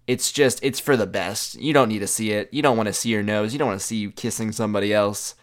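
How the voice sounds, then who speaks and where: A young man casually telling an animated story, chatty and full of "like" fillers. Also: lowish voice, quick pace.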